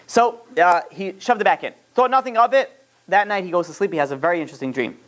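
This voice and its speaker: Guy telling a torah story, talks quick, lots of um and you know. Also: high-pitched, a bit bright. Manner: rambling, many fillers and restarts. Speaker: Torah teacher. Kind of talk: casual storytelling lesson.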